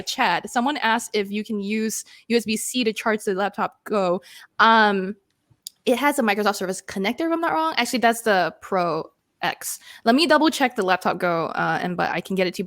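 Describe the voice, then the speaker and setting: A woman with a light Singaporean accent co-hosts a relaxed tech podcast, chatty and full of little laughs and "like"s. Her voice sits in an ordinary middle pitch. The recording is dry and close, with no room sound. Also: dry recording. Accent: Singaporean, mostly softened in this talk. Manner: chatty, laughs often, fills with "like" and "uh". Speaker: podcast co-host. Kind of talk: casual podcast chat.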